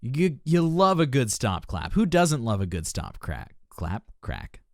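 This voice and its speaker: A man's voice: medium pitch, a little slow, no room sound, clean studio sound. A man working as a vocal coach, giving passionate, joking commentary while reacting on a live stream. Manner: passionate, joking, animated teaching.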